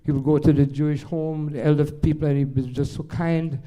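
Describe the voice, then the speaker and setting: A slightly high voice with the highs cut off belongs to an older jazz pianist with a Jamaican accent, talking a little fast. He tells a live audience rambling, animated stories full of restarts.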